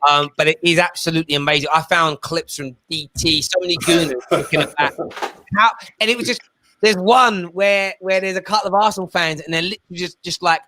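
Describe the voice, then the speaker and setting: High bright-voiced animated man. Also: brisk. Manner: animated storytelling, mimics his kids. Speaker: show host. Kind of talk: casual football chat show.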